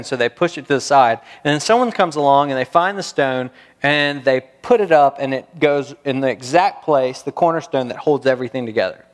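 A man preaching a sermon, animated and building to emphatic peaks, often restarting his words as he goes. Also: mid-range voice, a little fast. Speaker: pastor. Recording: reverberant hall.

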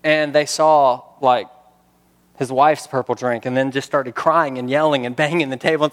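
A man's voice: mid-range voice, steady tone, moderate pace, in a large hall. A man preaching a sermon, reading scripture and talking in a conversational way with rhetorical questions. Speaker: pastor.

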